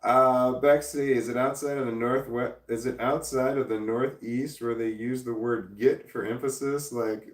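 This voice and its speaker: An American man hosting a casual livestream, reading viewer comments aloud and rambling, thinking out loud and trailing off. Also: medium pitch, fairly even intonation, a little slow, hardly any pauses, echoey room, far from the mic. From United States. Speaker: livestream host.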